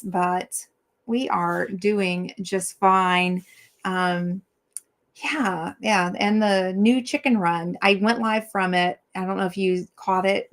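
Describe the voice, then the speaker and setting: A woman's voice: medium pitch, creaky. A middle-aged woman hosting a casual live-stream chat, rambling and chatty with many fillers as she talks to viewers.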